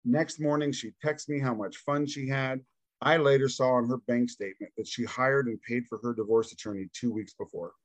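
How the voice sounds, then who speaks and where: A man guest on a podcast, telling a personal story in casual, animated talk and acting out what people said. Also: medium pitch, moderate pace, no echo. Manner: animated, acts out quoted dialogue; casual, says "dude".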